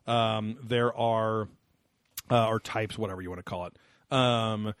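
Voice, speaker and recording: A man's voice: fairly low pitch, steady tone, measured pace, a bit bright, dry recording, clean studio sound. A man co-hosting a casual podcast, rambling with lots of ums and restarts. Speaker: podcast co-host. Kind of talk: casual chat.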